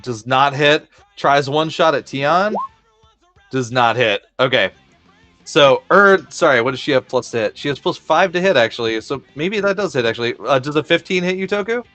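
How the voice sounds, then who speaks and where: A man's voice: medium pitch, expressive, normal speed, bright, forceful tone, soft background music. A man running a tabletop game as game master, making rulings and playfully describing the action.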